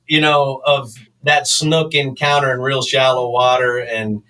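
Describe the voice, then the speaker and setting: A man's voice: medium pitch, unhurried, few pauses, distant mic, rough recording. A man, telling fishing stories in a casual interview. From South Florida, US. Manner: animated storyteller, acts out shouts. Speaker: fishing show host and charter captain.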